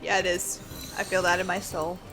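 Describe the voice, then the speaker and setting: A woman's voice: on the low side, little pitch movement, normal speed. A woman streaming a game, chatting casually and rambling with frequent laughs, over faint background music. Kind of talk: casual chat while gaming.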